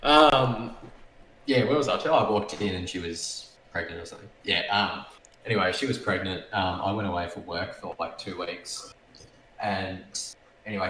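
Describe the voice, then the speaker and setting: Low-voiced man, echoey room. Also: fairly bright tone. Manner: rambling, self-deprecating storytelling. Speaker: podcast co-host. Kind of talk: casual chat. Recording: roomy mic with faint background noise.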